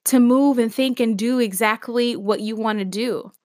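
A woman's voice: fairly high pitch, normal speed, a little mellow, no echo, studio quality. Upbeat woman hosting a motivational podcast. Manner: emphatic and repetitive, piling up words, laughing between lines. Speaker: podcast host.

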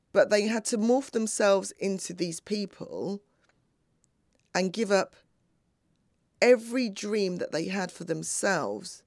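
A woman's voice: medium pitch, creaky, darkish tone, no room sound, clean studio sound. A middle-aged woman telling a personal story earnestly and acting out remembered conversations. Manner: earnest, acts out remembered dialogue. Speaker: speaker.

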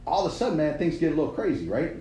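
A young coach running a devotional preaches emphatically and conversationally, often checking in with "all right?". His fairly high voice is very animated and rapid-fire. The room is echoey, with background noise.

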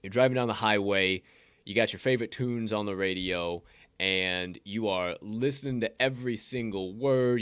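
A podcast co-host giving a casual motivational talk, blunt and profane, rambling with many restarts. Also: male voice, fairly low pitch, smooth, no echo.

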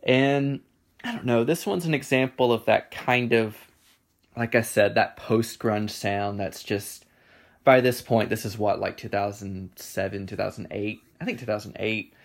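A man's voice: lowish voice, fairly even intonation, measured pace, creaky. A man giving casual solo commentary on songs, hesitant and offhand, with many ums and restarts and a dry sense of humor. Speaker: music reviewer.

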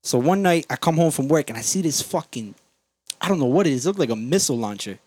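A man hosting a podcast, telling stories in a profane, energetic, casual way. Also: fairly high pitch, quick pace, no room sound. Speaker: podcast host.

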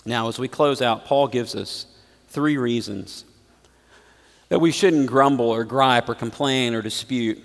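A male pastor with a gravelly, creaky edge to his voice delivers a sermon, rising to loud emphatic peaks and dropping to hushed, low asides. His words ring out with a long reverb, as if spoken in a large church sanctuary. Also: measured pace. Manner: preaching with big swings between loud emphasis and quiet asides.

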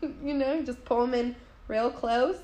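High-voiced, laughing woman podcast host. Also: unhurried, slight background noise. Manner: animated, laughing, swears freely. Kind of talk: casual chat.

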